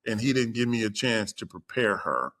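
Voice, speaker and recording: A middle-aged man with a fairly low voice recounts a personal story as a podcast guest. He talks casually with many ums and uhs and animates the lines of the people he quotes. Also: moderate pace. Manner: animated retelling, acts out quoted voices, frequent fillers. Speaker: guest executive.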